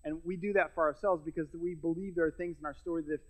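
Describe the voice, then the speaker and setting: A man's voice: on the high side, fairly even intonation, rapid-fire, rough recording. A middle-aged man preaching a sermon as pastor, conversational with self-deprecating humor and frequent restarts. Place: church sanctuary.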